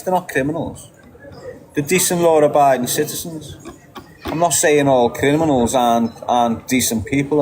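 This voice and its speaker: A man's voice: medium pitch, a little mellow, slight background noise, low-quality recording. A middle-aged man with a Liverpool accent talking bluntly and candidly to his viewers, swearing freely as he answers their questions. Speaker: channel host answering viewers. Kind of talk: candid casual monologue.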